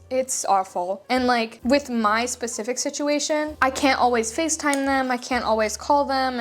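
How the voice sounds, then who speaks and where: A young woman from Los Angeles chatting casually in a vlog, warm and emotional, laughing often and filling her talk with "like.". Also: high-pitched. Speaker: vlogger. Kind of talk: casual chat. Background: soft background music.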